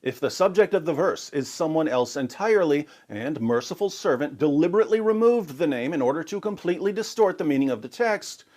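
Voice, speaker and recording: A man narrating a scripted video, making his argument in a measured, methodical way. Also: on the high side, expressive, a little mellow.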